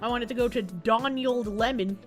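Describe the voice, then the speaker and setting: A woman's voice: on the high side, moderate pace, faint music behind. A woman from Boston streaming live, reacting to clips with crude jokes and reading out chat messages. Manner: crude, joking, reads chat messages aloud.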